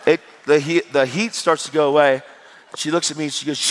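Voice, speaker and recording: A man's voice: on the high side, steady tone, fairly quick, slight background noise. A man preaching a sermon, telling stories animatedly and acting out the dialogue. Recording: hall reverb with crowd.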